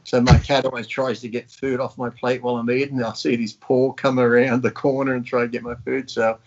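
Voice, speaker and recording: A man's voice: mid-range voice, little pitch movement, brisk, creaky, highs cut off. A man chatting casually on a video call, swearing freely and telling stories in acted voices. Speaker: podcast guest. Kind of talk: casual chat. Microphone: home mic on a video call.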